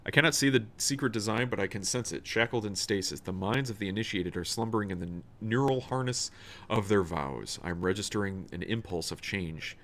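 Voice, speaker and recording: A man reading aloud the cryptic lines of a solemn male tech-priest from a video game, in a slow recitation. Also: on the low side, a bit bright, lightly acted.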